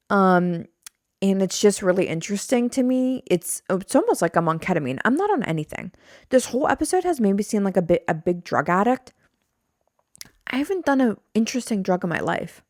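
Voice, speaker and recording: A woman's voice: mid-range voice, darkish tone, dry recording. Rambling solo podcast woman, dry mic. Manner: rambling, self-deprecating, swears freely. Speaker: podcast host. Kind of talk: solo casual podcast chat. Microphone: studio mic on a stand.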